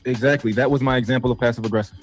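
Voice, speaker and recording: A man of middling pitch fires back at very high speed, defending himself insistently in a heated online panel debate. Faint music plays behind him. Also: fairly even intonation, racing.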